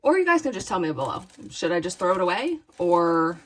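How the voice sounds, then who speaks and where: Woman vlogger thinking out loud, slightly low voice, hesitant and self-deprecating. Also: big pitch swings, a little fast, rough recording. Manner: rambling, indecisive, self-deprecating, says "you guys" often. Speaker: crafting vlogger. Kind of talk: casual chat to camera.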